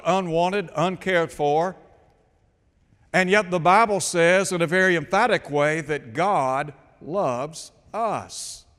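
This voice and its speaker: A man's voice: high-pitched, a bit bright, in a large hall. A man preaching a sermon, asking his listeners rhetorical questions and quoting scripture. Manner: slow, deliberate, rhetorical questions.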